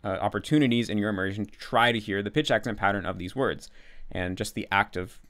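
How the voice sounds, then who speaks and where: A man who runs a language-learning channel hosts a casual Q&A in a lowish, slightly bright voice at a quick pace. He explains at length, restarting and repeating words often, and acts out his own thoughts as quoted asides.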